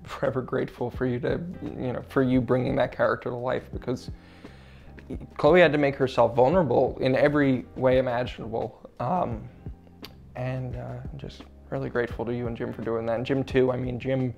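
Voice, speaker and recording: A man's voice: medium pitch, fairly even intonation, moderate pace, creaky, a little mellow, faint music behind. A young man, a filmmaker guest in a casual interview, talking earnestly with many fillers and growing emotional.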